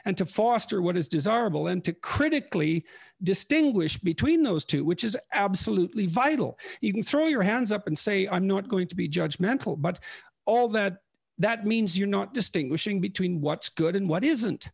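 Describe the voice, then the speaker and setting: Man, podcast host, high-pitched, gravelly, earnest conversational tone. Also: lively intonation, moderate pace, no echo. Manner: earnest, paraphrasing the guest's point back to him.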